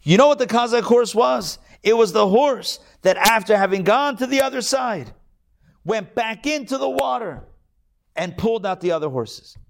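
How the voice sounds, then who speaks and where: A man playing a Kazakh man who proudly praises his homeland's horses, with a gravelly, lowered voice and emphatic repetition. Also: lively intonation, moderate pace. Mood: solemn.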